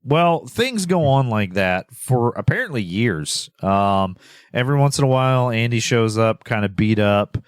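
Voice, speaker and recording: A man's voice: medium pitch, lively intonation, moderate pace, clean tone, dry recording, clean studio sound. A man co-hosting a podcast who casually recaps a film and rambles with frequent fillers. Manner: rambling with many fillers and laughs. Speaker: podcast co-host.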